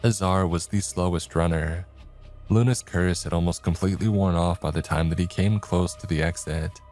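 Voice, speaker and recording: A man giving a measured, dramatic scripted narration of a horror story. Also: low-pitched, fairly even intonation, a little mellow. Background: faint music.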